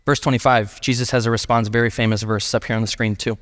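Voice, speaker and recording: A man's voice: medium pitch, level tone, fast talker, a bit bright, in a large hall. A male pastor preaching a sermon in a casual, emphatic way, often saying "like". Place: church sanctuary.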